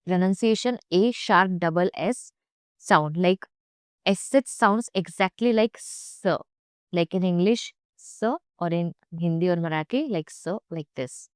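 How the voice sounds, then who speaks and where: A woman's voice: on the low side, measured pace, clear, resonant tone, dry recording, clean studio sound. A young woman teaching German pronunciation, speaking carefully and repeating each sound for learners. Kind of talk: pronunciation lesson.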